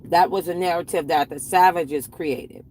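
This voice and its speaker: A woman hosting an interview, asking probing follow-up questions in a relaxed conversational way. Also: fairly low pitch, normal speed. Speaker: host.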